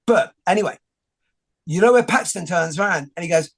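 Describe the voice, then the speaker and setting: Male host, gravelly, chatty and rambling, lots of false starts. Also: sits high, fairly quick. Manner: rambling, joking, many restarts. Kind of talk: casual conversation.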